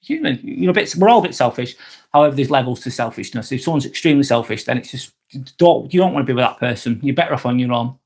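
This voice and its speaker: A man's voice: mid-range voice, expressive, quick pace, a little mellow. A man hosting a live vlog, talking casually and frankly, swearing often and rambling through restarts as he reads out and answers chat comments.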